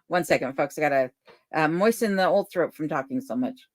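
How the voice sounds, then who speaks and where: A woman hosting a live stream from her home, reading viewer comments aloud and chatting back in a relaxed, easygoing way. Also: low voice, no room sound. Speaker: livestream host reading chat comments. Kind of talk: casual live chat. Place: home in remote Alaska. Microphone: desk microphone.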